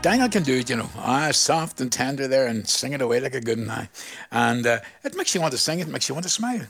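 A man's voice: mid-range voice, very animated, fast talker, gravelly, fairly bright tone, faint music behind. An older man presenting a radio request show, chatty and playful, laughing at his own jokes.

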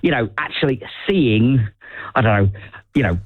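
A man's voice: medium pitch, lively intonation, no echo, narrow, tinny audio. A man with a Brummie accent in a casual chat, talking hesitantly and often repeating himself. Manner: hesitant, halting, repeats words. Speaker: conversation partner.

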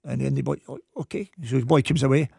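A Scottish football coach from Glasgow with a Glaswegian accent, telling animated stories in a casual chat. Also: male voice, medium pitch, gravelly, husky, no echo, clean studio sound. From Scotland. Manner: animated anecdotes, quick talk. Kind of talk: casual storytelling.

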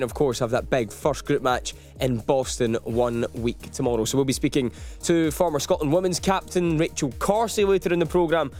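A man's voice: medium pitch, darkish tone. A man presenting sport news on breakfast radio in an upbeat way.

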